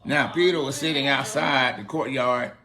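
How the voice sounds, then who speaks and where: Playful dad-style reader, slangy and chatty, middle pitch, tells the Bible story casually. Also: male voice, moderate pace, sharp tone. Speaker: parent reading the Bible to a child.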